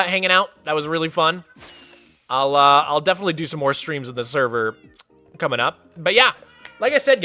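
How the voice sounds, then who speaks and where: A young man chatting casually while hosting a game stream, excitable and playful, greeting viewers by name. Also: a little high. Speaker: livestreamer and server host.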